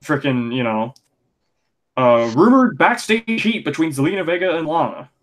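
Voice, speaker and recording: A young man co-hosting a casual wrestling podcast, rambling and animated, full of fillers. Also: fairly high pitch, normal speed. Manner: chatty, rambling, animated opinions with lots of fillers. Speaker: podcast co-host.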